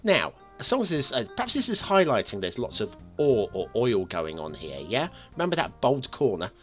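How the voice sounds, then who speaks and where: A man's voice: medium pitch, wildly swooping pitch, moderate pace, soft background music. A man hosting a game map review show, talking in a chatty, upbeat way with playful asides.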